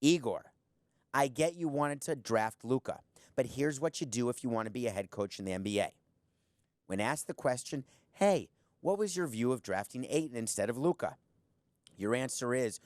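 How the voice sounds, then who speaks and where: Speaking at a normal pace in a mid-range, slightly mellow voice, this middle-aged male show host and former team owner gives an opinionated sports monologue. He's expressive, sarcastic, and emphatic, addressing the viewer directly in a dry studio recording.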